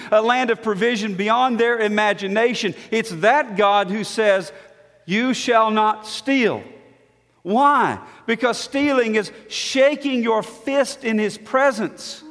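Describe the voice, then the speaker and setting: A man preaching a sermon as pastor, swinging between quiet, low-spoken passages and emphatic, raised declarations. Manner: dynamic preaching, dropping to soft low tones and rising to emphatic. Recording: long reverb of a hall.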